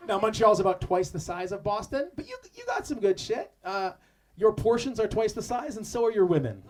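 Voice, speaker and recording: A Canadian roast battle comic throws crude, mocking insults from a comedy club stage. His voice sits high and sing-song, moving fairly quickly. The live club recording is noisy, with crowd sounds audible.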